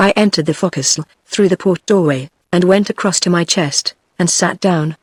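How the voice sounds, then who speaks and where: A woman's voice: fairly low pitch, a little fast, hardly any pauses, breathy edge, no echo, clean studio sound. British female text-to-speech narrator. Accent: British English. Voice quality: synthetic, evenly paced machine voice. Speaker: audiobook narrator. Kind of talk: text-to-speech book reading.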